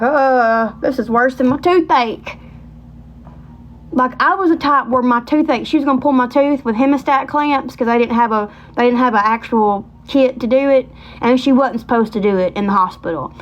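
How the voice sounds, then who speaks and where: A woman in her thirties with a high, bright-pitched voice chats on a livestream. She rambles and piles on colloquial asides as she tells her stories. The audio is a little dull and lo-fi. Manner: chatty, animated, rambling with Southern colloquialisms. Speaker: livestream host. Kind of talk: casual livestream storytelling.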